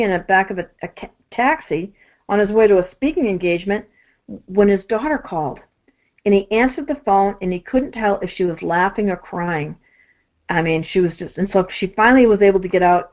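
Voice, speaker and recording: A woman who does energy work, telling long rambling stories in a casual chat, full of fillers and restarts. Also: medium pitch. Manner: rambling, many "you know" fillers and restarts. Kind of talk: casual storytelling monologue. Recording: tinny phone-like audio.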